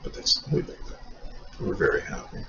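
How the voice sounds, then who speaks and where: A man giving rambling, wry, self-mocking commentary over a racing game. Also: brisk. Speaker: sim racing video creator. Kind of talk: casual gameplay commentary. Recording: dull lo-fi mic with faint noise.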